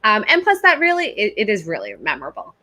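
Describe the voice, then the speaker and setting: Giggly woman cohost, bright punchy voice, super dry mic. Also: mid-range voice, wildly swooping pitch, fast, no echo. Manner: playful, giggly, enthusiastic. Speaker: co-host. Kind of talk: casual reaction chat.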